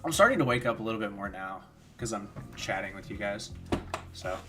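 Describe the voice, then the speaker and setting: A man's voice: fairly low pitch, lively intonation, fairly quick, over music. A tired young man streaming, rambling casually with lots of fillers while he answers chat and commentates games. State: tired, yawning. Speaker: streamer hosting a watchalong.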